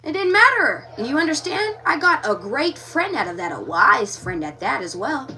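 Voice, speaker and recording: A woman with a bright, forceful, fairly high voice hosting a live tarot reading. She talks frankly and with animation straight to her viewers. She sits a little back from the mic. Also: very animated, moderate pace, recorded from a distance, slight background noise. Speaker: tarot reader.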